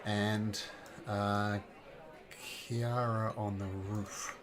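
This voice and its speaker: A man narrating a tabletop game as game master, halting with fillers and restarts. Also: on the low side, level tone.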